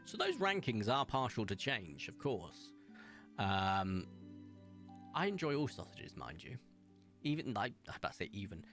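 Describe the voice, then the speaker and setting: A man's voice: fairly low pitch, big pitch swings, a little slow, long pauses, a bit bright, soft background music. A young English man streaming a game, chatting casually and enthusiastically, rambling with frequent laughs. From England.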